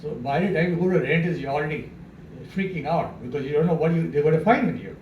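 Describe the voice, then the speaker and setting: Animated man telling comic stories. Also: on the high side, quick pace, dull audio. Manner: chuckling, animated, acts out dialogue. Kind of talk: stand-up storytelling. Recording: roomy, distant mic, faint background noise.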